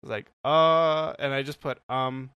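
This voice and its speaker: Young man with a smooth, dry voice. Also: mid-range voice, fairly even intonation, moderate pace, no room sound, lo-fi sound. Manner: rambling storyteller, many "like" fillers, laughs often. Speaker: podcast co-host. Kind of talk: casual chat, telling a story.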